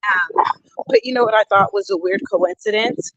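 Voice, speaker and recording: A woman's voice: mid-range voice, normal speed, fairly bright tone, dry recording. A woman vlogger chatting casually on a live stream, greeting viewers and giving gossipy commentary on online drama, a bit winded. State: winded, out of breath. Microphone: phone. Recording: dull lo-fi, dry sound.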